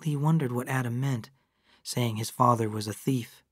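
A narrator reading an abridged novel aloud in slow, even storytelling. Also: medium pitch, slightly rough, no echo, studio quality.

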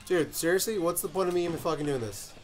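Young man, gameplay commentary, loud frustrated cursing, high voice, very animated. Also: quick pace, faint music behind. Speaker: gaming commentator.

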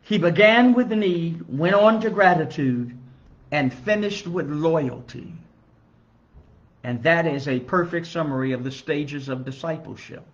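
A male minister teaches a Bible study with a slightly high voice, steady and earnest, lifting into emphasis on the points that matter. The recording is dull and lo-fi, with the top end muffled. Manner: measured, earnest teaching with emphatic rises on key phrases. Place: church.

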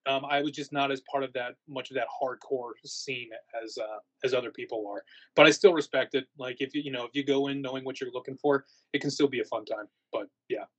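A man's voice: mid-range voice, steady tone, a little fast, husky, low-quality recording. A man answering interview questions in a casual, rambling way, full of fillers and restarts. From United States. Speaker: haunt actor guest.

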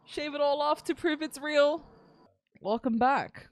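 A woman's voice: high-pitched, measured pace, no echo, studio quality. A young woman streaming games live, swearing constantly and ranting at the game when it frustrates her.

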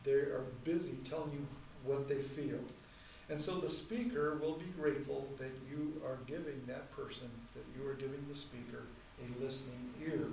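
A man teaching a church class in a measured, deliberate way, repeating key points and slowing down to stress terms. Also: mid-range voice, fairly even intonation, creaky, darkish tone. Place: church hall. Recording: echoey room, mic far off, faint noise.

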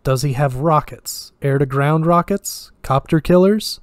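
Cold interrogator, slow threats in broken English, read by a man. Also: fairly high pitch, smooth, dry recording, voice pushed up, close to an everyday voice. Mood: menacing. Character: menacing male military interrogator, calm and cold.

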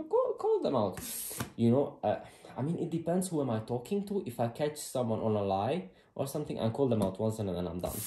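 A man's voice: mid-range voice, creaky, slight background noise. Blunt, swearing male tarot reader. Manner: blunt, excitable, swears freely, thinks aloud. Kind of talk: casual tarot reading to camera. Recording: roomy echo.

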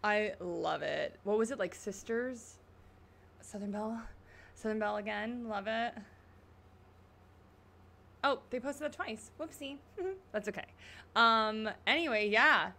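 A bubbly young woman gushes through a casual reaction chat, her voice bright with a gravelly fry at the edges. She talks unhurriedly and sits a little high in pitch. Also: a little slow, long pauses, a little hiss or hum. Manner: bubbly, gushing, lots of "like" and "y'all". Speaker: YouTuber reacting to a show.

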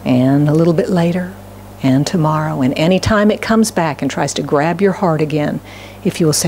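A woman pastor preaching a sermon in a church. She swings between raised, fervent declarations and hushed, near-whispered pleading, and keeps putting questions to the congregation. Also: low-pitched, normal speed, slight background noise. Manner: asks the congregation rhetorical questions. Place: church sanctuary.

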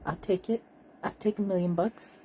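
A tired woman with a cough, talking in a slow, halting late-night monologue to her viewers. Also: mid-range voice, steady tone, warm tone, breathy edge, rough recording. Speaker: vlogger.

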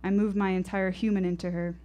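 A woman's voice: medium pitch, flat delivery, quick pace, highs cut off. A woman performing an intense, poetic first-person story live on a storytelling stage, with rhythmic delivery.

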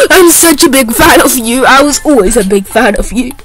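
A woman plays out a toy role-play, voicing a whole cast on her own. Her voice sits high and swoops widely, and she keeps slipping into giggles. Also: animated, normal speed, fairly bright tone, low-quality recording. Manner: giggly, playful, often breaking into laughter.

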